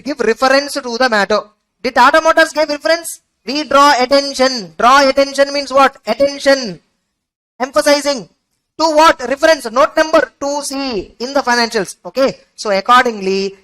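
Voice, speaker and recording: A woman's voice: sits high, a bit bright, low-quality recording. A woman giving an exam revision lecture, asking her students rhetorical questions and repeating key points. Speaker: teacher.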